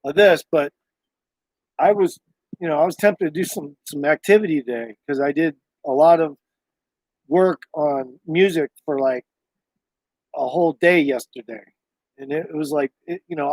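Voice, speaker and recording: Streamer type: higher-voiced man, casual and cussing, dry close-mic home recording. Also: normal speed, darkish tone, dry recording. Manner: loose, profane, meandering talk. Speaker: livestreamer. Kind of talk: casual rambling livestream chat.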